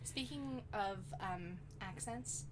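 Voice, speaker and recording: A woman co-hosting a podcast, chatting casually in an animated, giggly, emphatic way. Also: medium pitch, takes it slowly, background noise. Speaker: podcast co-host. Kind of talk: casual chat.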